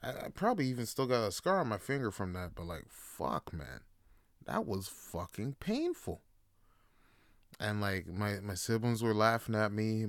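A man hosting a show, telling stories in a relaxed, profane way with lots of fillers. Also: fairly low pitch, normal speed, dry recording, clean studio sound. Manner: laid-back, profane, full of fillers like "like". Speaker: podcast host. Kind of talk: casual storytelling monologue.

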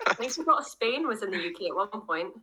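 A woman's voice: medium pitch, big pitch swings, fast, pushed and bright, rough recording. A woman, a podcast guest, chatting bluntly and cheekily with some swearing. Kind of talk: casual chat.

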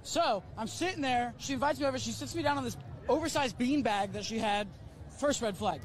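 A man in a street interview clip, telling a crude story in an animated way. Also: very high-pitched, a little fast. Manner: animated, crude, builds to shouting. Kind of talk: storytelling anecdote.

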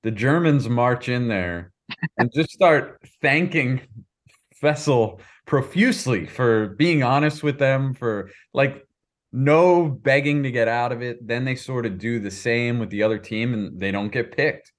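Measured male podcast co-host. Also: medium pitch. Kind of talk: casual podcast chat.

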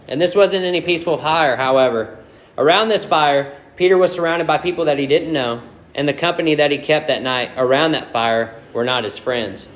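Man preaching a lively sermon. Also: on the high side. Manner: leads a soft, quiet prayer before preaching; lively preaching with rhetorical questions to the congregation. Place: church meeting room.

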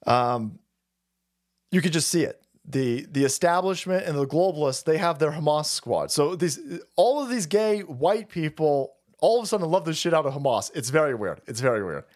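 A man's voice: a little high, expressive, moderate pace, a little mellow. A middle-aged man hosting a live stream, ranting casually and with heavy profanity, rambling and calling his viewers boys. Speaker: streamer host.

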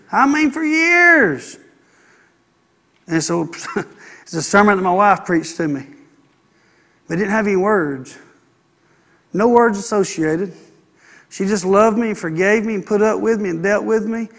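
A middle-aged pastor preaches a folksy, conversational sermon with playful asides. His voice sits high for a man and carries a gravelly, fry-edged grain. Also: a bit bright.

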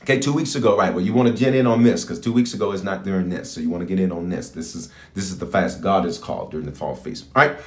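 A bishop preaches a livestreamed prayer sermon in a low voice, talking quickly with hardly any pauses. He animatedly repeats phrases and calls on listeners to say things back, and the sound is roomy.

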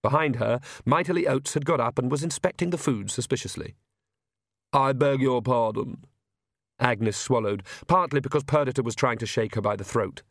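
A man reading a comic fantasy novel aloud in a measured, wry storytelling voice. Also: mid-range voice, fairly bright tone, no room sound, studio quality. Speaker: audiobook narrator. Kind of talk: scripted narration.

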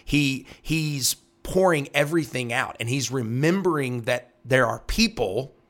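A man's voice: medium pitch, unhurried, fairly bright tone. A man speaking as a pastor, teaching from the Bible in an earnest way, repeating phrases and checking in with "right?". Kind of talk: devotional Bible teaching talk.

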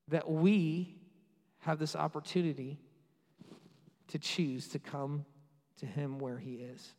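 A man preaching a sermon with passion, rising to loud peaks and dropping to quiet asides. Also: a little high, fairly even intonation, takes it slowly, pauses often. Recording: long hall reverb.

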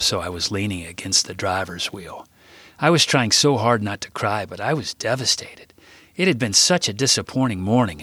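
A man reading his own book aloud in a measured, unhurried storytelling manner. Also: lowish voice, a bit bright, husky, no echo. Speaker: author. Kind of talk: audiobook reading.

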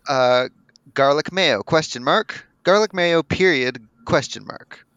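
A man's voice: a little high, takes it slowly, fairly bright tone, clear, resonant tone, highs cut off. A man co-hosting a podcast in playful casual chat. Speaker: podcast co-host.

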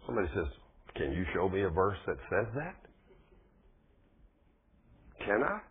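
Husky preacher man on a thin line. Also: deep voice, sing-song, normal speed. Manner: folksy, conversational preaching with plain speech and rising emphasis. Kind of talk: sermon. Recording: phone-like, thin lo-fi recording.

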